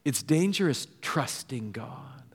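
Storytelling pastor in an echoey hall. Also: male voice, mid-range voice, expressive, slow, breathy edge. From Southern California. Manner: storytelling, drops to a soft hush for emphasis. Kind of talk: sermon.

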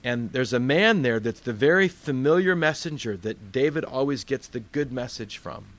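A man's voice: mid-range voice, animated, normal speed. Man preaching a storytelling sermon. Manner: conversational storytelling, acts out voices.

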